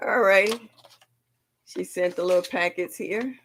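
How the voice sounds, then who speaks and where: A woman's voice: on the low side, unhurried, pauses often, a bit bright. A woman hosting a casual gardening livestream from home, chatting expressively and reacting aloud to viewer comments. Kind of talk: casual live chat with viewers. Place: home in Ohio.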